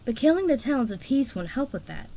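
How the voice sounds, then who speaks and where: A woman's voice: on the high side, big pitch swings, fast talker, creaky, warm tone, voice pushed up, exaggerated voice, rough recording. A woman doing a defiant young female dragon. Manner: demanding, insistent.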